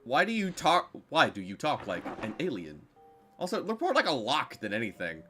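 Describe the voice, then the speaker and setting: A man's voice: mid-range voice, wildly swooping pitch, moderate pace, a bit bright, soft background music. A man co-hosting a game stream, chatting casually and rambling with lots of swearing. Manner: rambling, swears, laughs easily. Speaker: streamer co-host. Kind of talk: casual let's-play chat.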